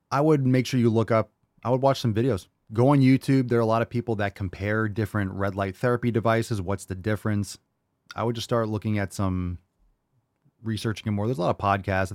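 A man's voice: lowish voice, fairly even intonation, brisk, darkish tone, no echo, studio quality. A man hosting a live question-and-answer show, reading viewer questions and answering in a hyped, jokey, profane way. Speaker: host.

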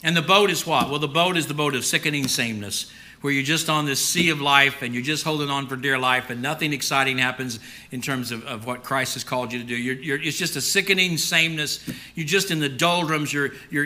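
Delivering a sermon in a slightly high voice, this pastor alternates between hushed near-whispers and loud emphatic lines, taking on the voice of a frightened Peter in the first person.

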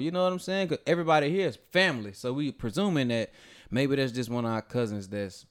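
A man tells a long story on a podcast. He talks loosely and cusses freely. His voice leaps high and loud whenever he acts out what people shouted. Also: fast. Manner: animated, profane storytelling with voiced quotes. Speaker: podcast host. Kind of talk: casual storytelling chat.

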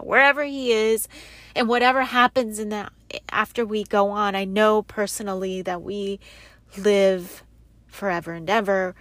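A middle-aged woman hosting her own podcast, speaking softly and haltingly with many fillers, teary and emotional. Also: medium pitch, no echo. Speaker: podcast host. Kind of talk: personal podcast monologue.

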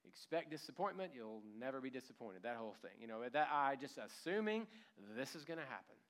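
A man preaching a sermon, telling the story in an animated way with a light chuckle now and then. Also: medium pitch, brisk. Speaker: pastor.

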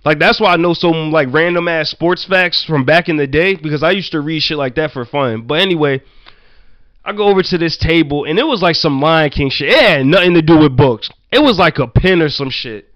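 A man from Virginia telling childhood stories in casual chat, loose and profane, full of "like" and quick laughs. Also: fairly high pitch, fairly bright tone, dry recording, muffled recording. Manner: loose, profane, laughing anecdotes with many "like" fillers. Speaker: storyteller.

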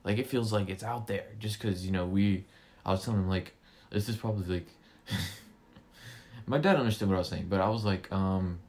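A man's voice: deep voice, normal speed, darkish tone. A young man in his late teens co-hosting a casual home podcast, rambling with lots of restarts and fillers. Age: young adult. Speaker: podcast co-host. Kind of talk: casual chat.

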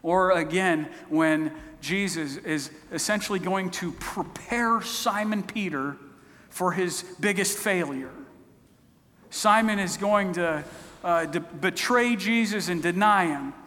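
A man's voice: high-pitched, slow pace, sharp tone. A man preaching a sermon, retelling stories in a conversational, storytelling way. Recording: long hall reverb.

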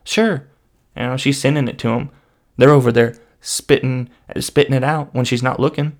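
A man vlogging, telling a meandering comic story in a laid-back deadpan way. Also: mid-range voice, fairly quick. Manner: meandering, deadpan, lots of "you know".

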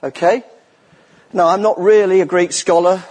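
Earnest and emphatic, a middle-aged lay preacher repeats key phrases for weight during a church sermon. His voice sits high and slightly rough, with a steady, darkish tone at a moderate pace, all heard in an echoey hall with long reverb.

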